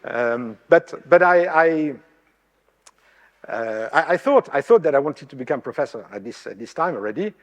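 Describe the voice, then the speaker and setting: A man from France giving a public lecture as a professor, halting with many fillers and restarts, with dry self-deprecating humour. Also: on the high side, animated, dull audio. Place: lecture hall. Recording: long hall reverb.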